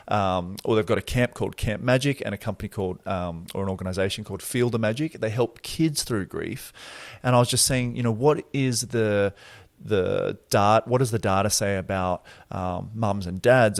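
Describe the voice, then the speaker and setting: A man hosting a podcast, talking in a relaxed, reflective way and thinking aloud. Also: on the low side, dry recording. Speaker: podcast host. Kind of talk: casual conversational interview.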